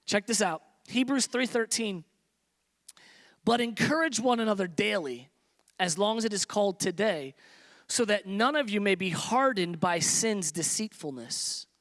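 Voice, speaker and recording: A man pastor preaching a sermon, repeating phrases for emphasis and dropping to soft, hushed tones when he tells stories. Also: high voice, animated, unhurried. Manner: preaching with rising emphatic repetition.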